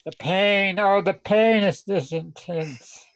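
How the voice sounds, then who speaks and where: A man's voice: high-pitched, takes it slowly, highs cut off. A man playing a tabletop game, whining and groaning theatrically in character. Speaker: player.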